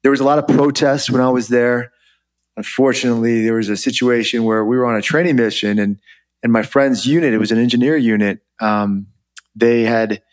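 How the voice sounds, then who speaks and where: Male guest, mid pitch, relaxed storyteller, loose and chatty. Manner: relaxed, chatty, many fillers. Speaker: guest, former Army officer. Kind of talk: interview storytelling.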